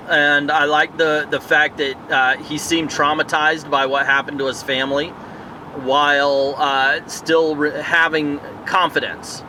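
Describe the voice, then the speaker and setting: A man's voice: a little high, pushed and bright, slight background noise. A man giving a casual, rambling movie review outdoors at night, thinking aloud with many fillers and tangents. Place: outdoors in a town area at night.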